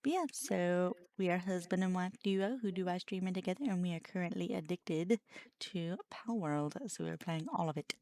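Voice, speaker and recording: A woman's voice: fairly low pitch, normal speed, warm tone, no echo. Bubbly giggly woman streamer. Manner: bubbly, giggly, chatty with viewers. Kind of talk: casual gaming stream chat.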